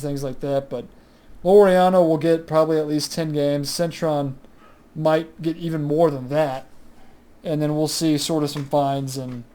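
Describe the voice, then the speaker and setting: A man's voice: fairly high pitch, dark tone. A young man talking casually on his own about a recent game, rambling with many fillers and restarts. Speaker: sports recap host. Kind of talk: casual solo sports commentary.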